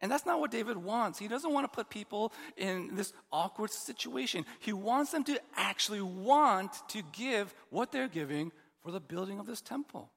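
A man preaching a sermon as pastor, expressive and building to emphatic, repeated points. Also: high voice, normal speed, vocal fry, few pauses, slightly rough, big-room sound.

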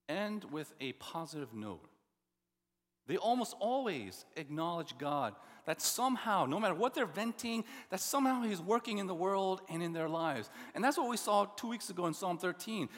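Man preaching in a reverberant hall. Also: high-pitched. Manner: expressive preaching, dropping to a hush for emphasis. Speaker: pastor. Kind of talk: sermon. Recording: long reverb of a large hall.

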